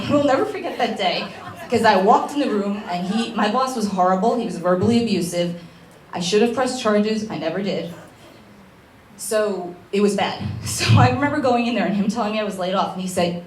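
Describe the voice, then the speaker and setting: A woman's voice: on the low side, darkish tone. A chatty, emotional woman shares her story with a live audience. She laughs easily and tears up at times. The room is roomy and echoey, with a faint hum of noise behind her. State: tearful at times. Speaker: astrologer speaking at a networking event. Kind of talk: personal talk to a live audience.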